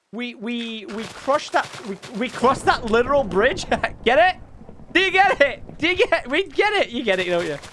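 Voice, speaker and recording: A young man commenting on his Minecraft building session in chatty, excitable talk with frequent exclamations. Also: high voice, slight background noise. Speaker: gaming YouTuber. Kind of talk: Minecraft let's play commentary.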